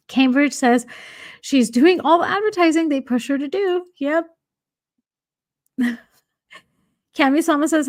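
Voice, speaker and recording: A woman's voice: sits high, dry recording, clean studio sound. A woman hosting a casual livestream, reading viewer comments aloud and laughing often. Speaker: livestream host.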